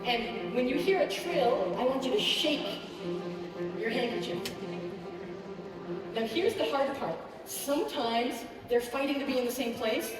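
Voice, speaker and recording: A woman hosting a children's concert, teaching young listeners in a lively, encouraging way, speaking in a large auditorium. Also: on the high side. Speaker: pianist and children's concert host. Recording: echoey hall from far off.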